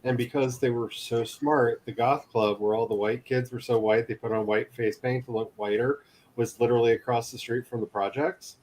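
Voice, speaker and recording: A man's voice: medium pitch, fairly even intonation, normal speed, darkish tone, a little hiss or hum. A man in casual chat, teasing his friends and telling long, rambling stories. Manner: teasing, rambling anecdotal storyteller.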